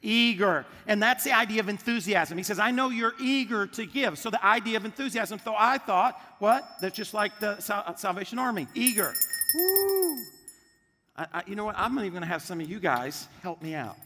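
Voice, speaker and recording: A male pastor preaching a sermon to a congregation, lively and drawing the crowd into call-and-response. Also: high-pitched, brisk, few pauses, long reverb tail. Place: church auditorium with congregation.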